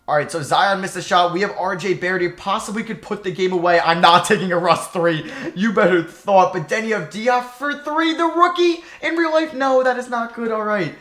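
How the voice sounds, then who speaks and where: Young man, gaming commentary, higher voice, nervous muttering then yelling, echoey room. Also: fairly quick, hardly any pauses. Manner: swings from anxious muttering to shouted celebration. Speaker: gaming YouTuber. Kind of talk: excited game commentary.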